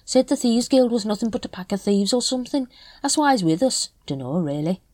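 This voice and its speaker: A woman voicing a shifty, scruffy older male night watchman who mutters evasively in rough slang. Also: fairly high pitch, very animated, brisk, a little mellow, dry recording, voice pushed up. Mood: grumbling.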